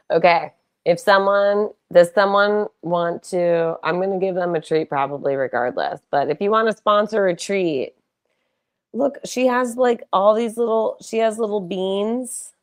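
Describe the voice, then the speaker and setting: A woman's voice: medium pitch, measured pace. Chatty woman cooing over her cats. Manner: playful, coos baby talk at her cats. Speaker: live streamer. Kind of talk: casual live-stream chat. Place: home room with cats.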